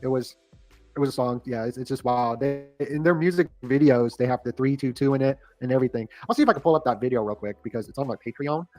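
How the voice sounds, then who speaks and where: Male co-host, fast and excitable, halting reader; dry close sound, faint music underneath. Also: medium pitch, no echo. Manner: excitable, reads aloud haltingly. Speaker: podcast co-host. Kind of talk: casual conspiracy talk livestream.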